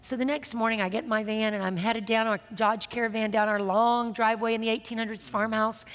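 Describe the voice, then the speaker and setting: A woman with a fairly high voice recounts her own story with humor and energy, laughing at herself as she goes. She talks like a minister and host sharing testimony in relaxed conversation. A long reverb trails after her words, as if she were in a hall. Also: brisk. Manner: lively, laughing, self-mocking storyteller. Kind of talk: storytelling testimony in casual chat.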